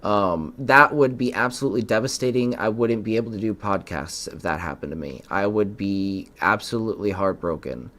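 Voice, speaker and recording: A man's voice: lowish voice, normal speed, hardly any pauses, a bit bright. Earnest man hosting a political podcast. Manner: earnest, stumbles and restarts words. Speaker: podcast host. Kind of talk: political commentary.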